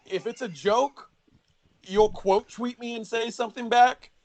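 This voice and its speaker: A man's voice: extremely high pitch, steady tone, unhurried, a little mellow. A man on a casual show, teasing his longtime friend bluntly and swearing freely. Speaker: guest, radio host. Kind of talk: casual banter.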